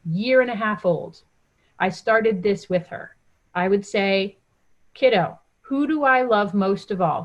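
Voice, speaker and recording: A woman guest on a podcast, chatting casually and telling stories with lively acted-out quotes. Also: mid-range voice. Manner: animated storytelling, acts out quoted voices. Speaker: podcast guest, mom coach. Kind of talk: casual interview chat.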